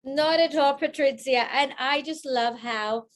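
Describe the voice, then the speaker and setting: A woman's voice: high-pitched, a little slow. A woman hosting a book launch, effusive and encouraging as she praises speakers and introduces the next one. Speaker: event host.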